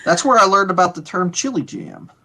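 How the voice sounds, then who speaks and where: A man's voice: high voice, animated, brisk, a crowd in the background. A man co-hosting a casual chat who rambles, repeats words and slips into playful impressions. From Pittsburgh area. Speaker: podcast co-host.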